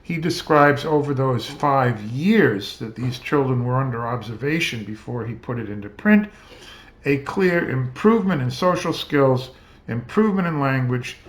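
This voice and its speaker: Measured man giving a medical lecture. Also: medium pitch. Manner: measured, explanatory, with occasional fillers. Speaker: developmental pediatrician lecturing. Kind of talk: educational lecture.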